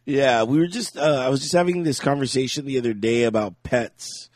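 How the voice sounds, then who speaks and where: A man's voice: medium pitch, expressive, fairly quick, no echo, studio quality. A man co-hosting a podcast in casual chat, telling rambling stories, laughing often and acting out what people said. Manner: rambling storyteller, laughs often, acts out quotes. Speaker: podcast co-host.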